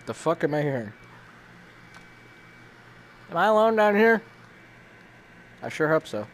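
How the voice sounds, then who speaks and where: Jumpy, high-voiced swearing gamer man. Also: big pitch swings, measured pace, a bit bright, a little hiss or hum. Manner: jumpy and panicky, swearing constantly. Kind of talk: reacting while playing a VR game.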